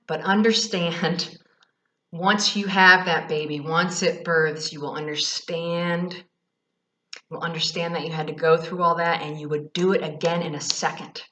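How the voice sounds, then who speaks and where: A woman's voice: low-pitched, sharp tone, roomy sound. A woman and Reiki host talks through spiritual advice in a frank, earnest way, with loose fillers and the odd curse word. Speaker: Reiki practitioner and vlog host. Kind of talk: casual spiritual advice monologue.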